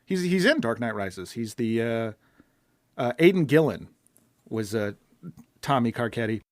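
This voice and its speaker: A man's voice: medium pitch, expressive, measured pace, no room sound, clean studio sound. A man co-hosting a podcast, chatting casually and rambling with many restarts. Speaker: podcast co-host. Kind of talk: casual chat.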